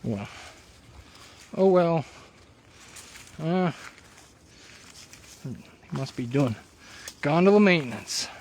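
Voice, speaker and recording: Man from Colorado, live-vlog host: bright, high-ish voice, very animated delivery, chatty and restless. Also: drawn-out words, long pauses, a little hiss or hum. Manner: animated, chatty, keeps asking viewers "huh?". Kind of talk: casual live chat. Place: outdoors on a mountain.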